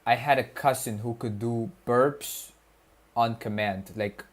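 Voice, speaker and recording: In a casual livestream, a young man who's a student talks with viewers, wandering off topic, repeating himself and cracking slangy jokes. He has a medium-pitched, steady voice and speaks slowly.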